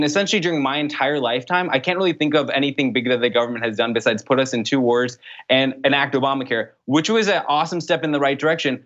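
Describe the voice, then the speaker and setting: A young man answering interview questions as a political candidate, in an earnest, brisk way with frequent fillers. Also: mid-range voice, a bit bright. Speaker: congressional candidate. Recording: dull lo-fi sound.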